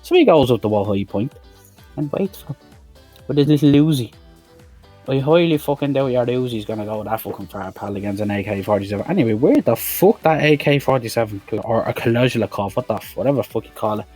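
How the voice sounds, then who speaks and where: A man's voice: mid-range voice, quick pace, a little mellow, slightly rough, faint music behind. A man giving a blunt, swear-heavy review of an action film, talking casually and with exasperation. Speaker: movie reviewer.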